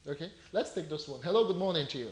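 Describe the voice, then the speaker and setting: A man's voice: on the high side, darkish tone, reverberant, poor audio. Male host taking callers. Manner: brisk, polite, prompts callers. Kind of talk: call-in show hosting.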